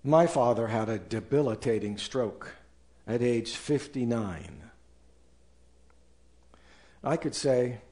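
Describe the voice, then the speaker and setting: Slow, lively preaching man. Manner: emphatic preaching, acts out listeners' objections in higher voices. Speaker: pastor. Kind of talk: sermon.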